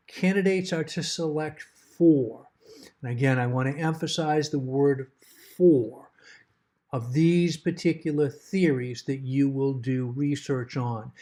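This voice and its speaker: A middle-aged man explaining a course assignment in a measured, emphatic way, repeating key words to stress them. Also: medium pitch, mellow. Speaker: course instructor. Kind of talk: recorded course assignment overview.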